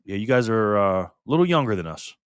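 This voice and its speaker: A man's voice: on the low side, big pitch swings, quick pace, smooth, no echo, clean studio sound. Upbeat man hosting a live stream. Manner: upbeat, greets viewers by name. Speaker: livestream host. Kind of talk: casual live stream chat reading comments.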